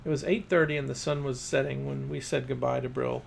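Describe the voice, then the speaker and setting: A man's voice: mid-range voice, level tone, a little fast, creaky, a little hiss or hum. A man reading his first-person fiction aloud as narrator.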